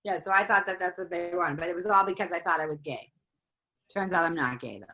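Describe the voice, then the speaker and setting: A woman from the Boston area tells a comic story, fast and full of energy, her voice bright and forceful. She acts out the people in her story. Her pitch sits a little low for a woman. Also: rough recording. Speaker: comedian guest. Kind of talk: storytelling in casual chat.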